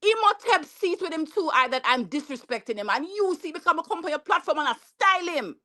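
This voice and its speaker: A woman's voice: sits high, big pitch swings, fairly quick, pushed and bright. A woman, arguing emphatically in a casual panel debate, building hypotheticals and repeating herself for stress.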